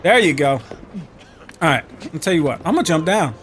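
A man's voice: fairly high pitch, lively intonation, fairly quick, fairly bright tone. A man giving brash, joking commentary while playing a video game, taunting enemies and talking to viewers. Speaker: gaming YouTuber. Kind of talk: profane gameplay commentary. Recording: music playing behind.

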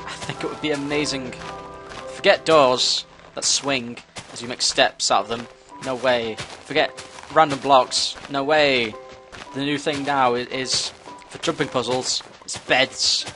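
Man, casual gameplay commentary, bright forceful voice, sudden yelps, faint game music behind. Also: medium pitch, unhurried. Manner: excitable, talks to himself, sudden yelps.

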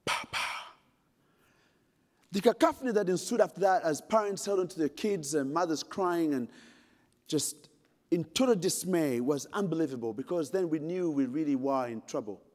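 A man's voice: a little high, a little mellow. A middle-aged man from Uganda giving a conference keynote, telling a dramatic story with jokes and speaking straight to the audience. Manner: dramatic, humorous, addresses the audience directly. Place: large conference hall. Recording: long hall reverb.

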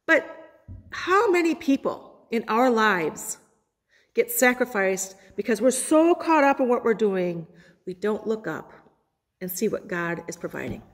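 A woman pastor preaching a sermon, quoting scripture with dramatic pauses. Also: fairly high pitch, big pitch swings. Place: church sanctuary. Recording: long hall reverb.

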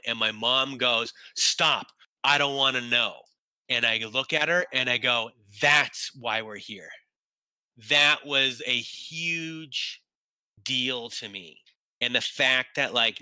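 A man shares a painful personal story, his voice bright and tense. He stops and restarts as emotion catches him, close to tears. The sound is dry and close. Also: medium pitch, no room sound, rough recording. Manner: halting, restarts when moved, near tears. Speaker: guest.

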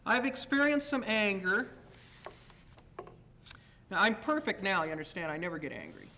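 A man's voice: sits high, sing-song, normal speed, pushed and bright, slight background noise. A man giving a university lecture, speaking candidly in the first person and at times reading aloud from his own writing.

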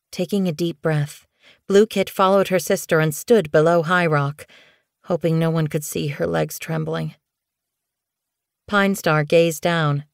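A woman reads an audiobook in a measured, unhurried way. Her voice sits low and the pace is very slow. The sound is dry and close, recorded on a studio mic. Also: steady tone, clear, resonant tone, no echo. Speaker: audiobook narrator. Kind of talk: scripted narration.

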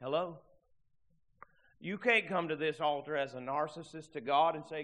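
A pastor preaches with fervent swings between loud bursts and hushed asides. His voice sits a little high for a man. The tone is bright and forceful throughout. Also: moderate pace, pauses often. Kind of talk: sermon.

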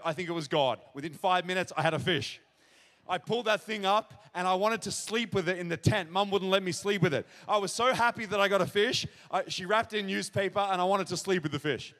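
A man's voice: high voice, fairly quick. A man giving his testimony as a pastor, telling the story vividly to a church crowd. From Australia. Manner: storytelling, acts out shouted child's cries. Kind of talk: testimony sermon. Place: large church auditorium. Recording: long hall reverb.

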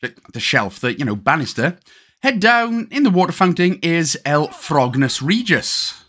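A Welsh man talks viewers through a video game in a chatty, joking way. His pitch sits a little high for a man and moves in a lively, sing-song way. He drops casual slang and side remarks as he plays. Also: unhurried. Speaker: gaming guide host. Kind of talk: gameplay walkthrough commentary.

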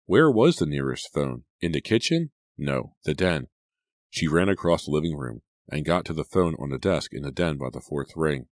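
A man narrating a horror audiobook in a measured, suspenseful reading. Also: a bass voice, animated, no echo, clean studio sound.

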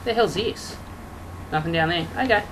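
A let's play gamer giving live commentary, yelping and shouting at the game, with sarcastic jokes to viewers. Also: mid-range voice, normal speed, slight background noise, poor audio. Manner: excitable, yelps and shouts at the game; sarcastic, joking asides to viewers.

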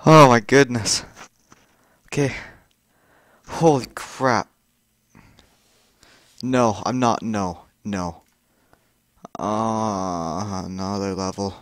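A young man commenting on a frustrating video game he is playing, exasperated, swearing and yelling at it. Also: on the low side, very slow, long pauses, no room sound, studio quality. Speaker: gamer. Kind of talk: frustrated let's-play commentary.

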